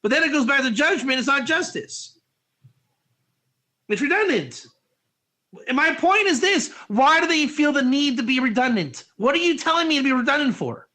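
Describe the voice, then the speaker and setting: Excitable high-voiced man teaching Torah. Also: moderate pace. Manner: excitable, rhetorical, voice jumps up when animated. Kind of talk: animated Torah class.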